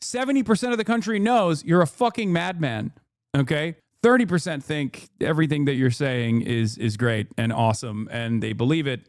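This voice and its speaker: A man's voice: mid-range voice, darkish tone, no echo, clean studio sound. A man in his thirties streaming political commentary, sarcastic and profane, mocking as he reacts to the news.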